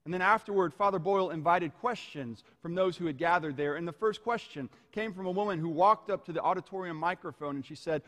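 A man preaching a sermon in a measured, storytelling voice that sits a little high for a man. He slows down to linger on key phrases. A long reverb trails off each line, as if he speaks in a large hall. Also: fairly bright tone.

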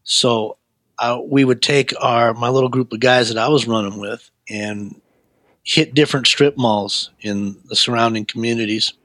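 A man, an interview guest, telling a personal story in a casual, laid-back, animated way. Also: mid-range voice, normal speed, no room sound.

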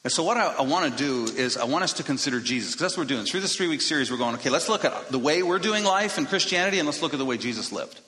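A man preaching a sermon to his congregation in a casual, conversational way, with quick self-deprecating asides, speaking into a microphone. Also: fairly high pitch, expressive, bright, forceful tone, slight background noise. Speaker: pastor. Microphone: handheld or stage microphone. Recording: echoey hall reverb.

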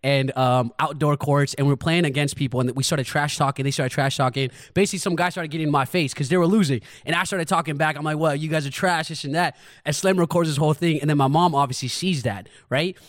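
A man hosting a casual podcast, telling stories in an animated way and laughing often. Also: a little high, fast. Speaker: podcast host. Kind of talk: casual chat.

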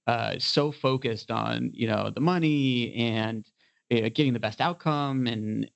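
A man in the guest seat tells an animated, casual story about his business, with a mid-range voice. He fills his sentences with "you know" and jumps back into the thread quickly. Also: mid-range voice, vocal fry, lo-fi sound. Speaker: entrepreneur guest.

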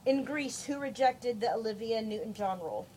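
A woman with a fairly high voice reads trivia questions to friends in casual chat. She keeps it informal and quick to apologize. A faint hiss sits under her voice. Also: expressive, dark tone. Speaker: trivia quizmaster.

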